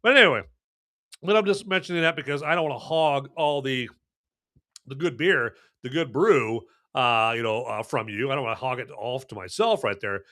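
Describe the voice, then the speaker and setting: Bright-voiced rambling male podcast host. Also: moderate pace. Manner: rambling, full of fillers and restarts; jokey, chummy sales pitch. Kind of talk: casual podcast chat.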